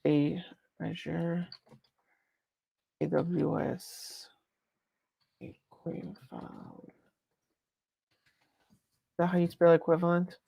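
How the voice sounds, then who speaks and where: A woman's voice: lowish voice, fairly even intonation, extremely slow, gravelly, long pauses, mellow, husky, no room sound. A woman with a French accent chatting casually on a live stream, rambling and breaking off her own sentences. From France. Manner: rambling, chatty, self-interrupting.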